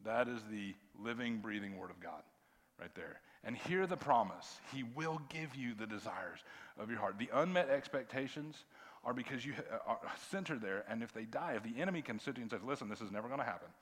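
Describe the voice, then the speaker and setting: A middle-aged man, a pastor giving a conversational sermon that swings between hushed quiet and loud emphasis. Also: medium pitch, lively intonation, moderate pace, husky. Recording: long reverb of a large hall.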